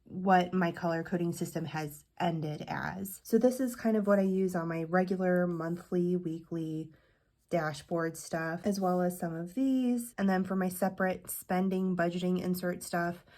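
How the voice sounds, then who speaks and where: A woman's voice: lowish voice, fairly even intonation, unhurried, darkish tone. Bubbly, chatty congested young woman. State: congested from illness. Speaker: planner vlogger. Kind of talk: casual talk to camera.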